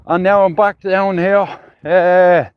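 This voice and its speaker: Middle-aged Dublin man, rambling sweary livestream chat, slowish pace, fairly high voice, dry dull phone sound. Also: fairly even intonation, smooth, no echo. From Ireland. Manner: rambling, sweary, "you know what I mean". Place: outdoors, walking through a neighbourhood.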